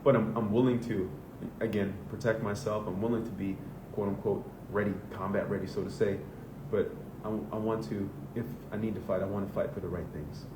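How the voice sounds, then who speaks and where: A man's voice: fairly even intonation, a little fast, hardly any pauses, far from the mic. A man, a men's coach from the Southern US, giving a casual, earnest motivational monologue and swearing freely. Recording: echoey room with rumbling noise.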